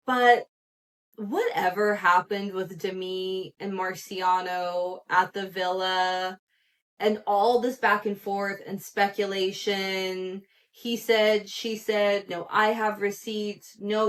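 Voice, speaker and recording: A woman hosting a casual solo gossip podcast, chatty and animated, laughing often and acting out the people she quotes. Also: a little high. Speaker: podcast host.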